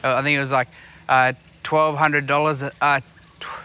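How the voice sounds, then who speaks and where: A man's voice: medium pitch, little pitch movement, normal speed, bright, forceful tone, clean tone. A man with an Australian accent co-hosting a podcast, telling rambling anecdotes full of swearing while out on a fishing boat. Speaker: podcast co-host. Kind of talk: casual chat.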